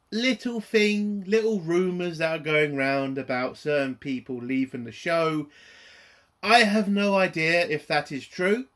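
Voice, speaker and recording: Guy ranting about a tv episode, swears a lot, kinda high voice. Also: a bit bright. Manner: profane, exasperated, rambling rant. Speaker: TV reviewer. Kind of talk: ranting video review.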